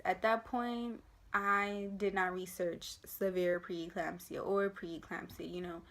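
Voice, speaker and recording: A young woman telling her pregnancy story in a casual vlog, acting out the people she quotes in lively voices. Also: mid-range voice. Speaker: vlogger.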